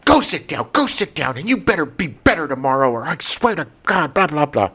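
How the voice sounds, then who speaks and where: A man's voice: big pitch swings, a bit bright, breathy edge, heavily acted. A man doing a shrieking, furious old nun. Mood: screaming scold. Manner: shrill, screaming, slow and drawn-out. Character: furious strict old nun, woman, scolding a child.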